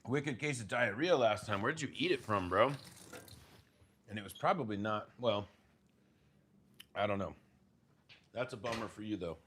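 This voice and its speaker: A young man from the United States speaks in a lowish, fairly bright voice at normal speed, leaving long pauses, with a little hiss or hum underneath. He's a cooking vlogger in a casual vlog, plating food at home and chatting with his partner and viewers.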